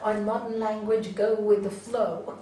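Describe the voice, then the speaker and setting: A woman's voice: medium pitch, flat delivery, normal speed, warm tone. An older woman teaching a yoga class, chatty and laughing often, telling personal stories and quizzing her students. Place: large hall. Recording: echoey hall from far off, faint ambience.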